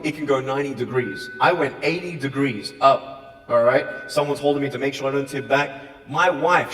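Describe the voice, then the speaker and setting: An Australian man giving an animated motivational speech to a school audience, swinging between quiet talk and shouting. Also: a little high. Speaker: motivational speaker. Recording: echoey hall, far from the mic.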